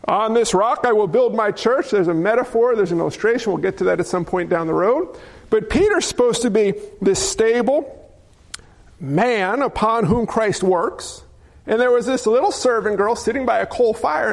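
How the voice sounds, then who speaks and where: A man with a notably high voice delivering a sermon. He preaches with a playful streak, tossing in jokey asides and rhetorical questions to the congregation. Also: creaky. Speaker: pastor.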